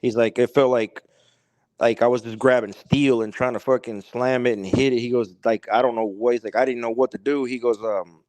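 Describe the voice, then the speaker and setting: A man's voice: medium pitch, steady tone, fairly quick, a little mellow, dry recording. Man, casual storytelling, rambling, repeats himself, dry. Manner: rambling, repeats "he's like" and "he goes". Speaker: podcast guest.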